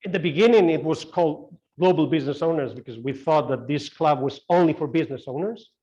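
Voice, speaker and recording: Halting man on a dull video call. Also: a little high, warm tone. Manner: halting, many restarts and fillers. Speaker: club CEO answering questions. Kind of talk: online meeting Q&A.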